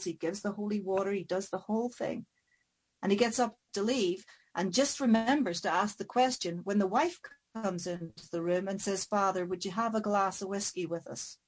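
A woman telling a folk tale dramatically, slowing and speeding for effect. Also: mid-range voice, darkish tone, rough recording. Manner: dramatic, varied pacing. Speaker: storyteller.

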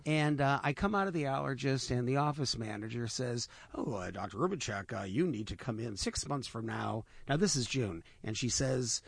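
A man co-hosting a radio show, telling lively anecdotes in a casual way and voicing the people in them. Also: mid-range voice, normal speed, gravelly, hardly any pauses, husky, dry recording. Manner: animated anecdotes with voiced quotes.

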